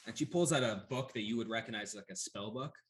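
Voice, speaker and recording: A man running a tabletop game as game master, narrating in a measured, unhurried way with frequent pauses. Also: on the low side.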